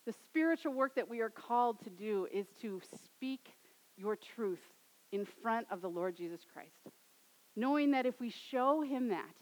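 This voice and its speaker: A woman in her thirties preaching a sermon, swinging from loud, dramatic rises to soft, quiet endings. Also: mid-range voice, rough recording. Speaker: pastor.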